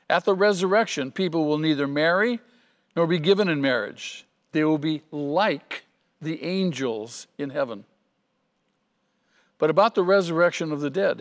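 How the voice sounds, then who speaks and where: Man, pastor, earnest sermon, emphatic repetitions, echoing hall. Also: a little high.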